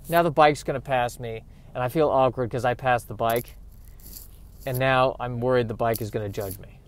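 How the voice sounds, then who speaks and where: A podcast host talks casually to himself while driving, rambling and cracking jokes at his own expense. His voice is mid-range and moderately paced, with a little hiss or hum in the recording. The casual monologue comes across as self-deprecating and jokey.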